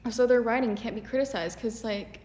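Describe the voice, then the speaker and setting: A woman's voice: on the high side, brisk, a little mellow. A woman giving a ranting video commentary, exasperated and sarcastic. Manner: exasperated, sarcastic, many "like" fillers. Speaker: video essayist. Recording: echoey room with long reverb.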